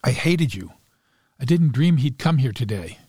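A frantic wife pleads and presses, her lines pitched a touch above the plain narration, as a male storyteller puts her on. The delivery is urgent and breathless in feel, read from a story. The sound is dry and close. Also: expressive, moderate pace, mellow, husky, no room sound. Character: frantic desperate wife, adult woman. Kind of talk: read-aloud story dialogue.

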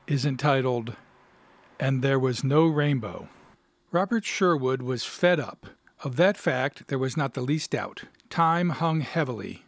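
A man reading a short story aloud in a measured, even manner. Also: medium pitch, dry recording. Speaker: narrator and host.

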